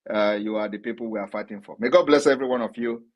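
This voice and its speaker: A man's voice: on the low side, racing, low-quality recording. A man answering questions on a live audio broadcast, speaking in an assertive, emphatic way and often repeating his points. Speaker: political leader answering questions.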